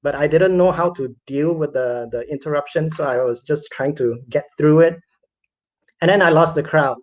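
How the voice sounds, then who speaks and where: A man's voice: a little high, moderate pace. A man who is a comedian, telling a personal story in a chatty, self-deprecating way with many fillers. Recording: dull lo-fi recording.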